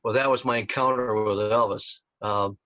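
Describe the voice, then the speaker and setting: A man's voice: lowish voice, fairly even intonation, normal speed, fairly bright tone, dry recording. A man in his sixties, an interview guest telling stories in a rambling way with many fillers and restarts. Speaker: interview guest, tribute performer. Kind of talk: casual storytelling interview. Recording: dull lo-fi sound.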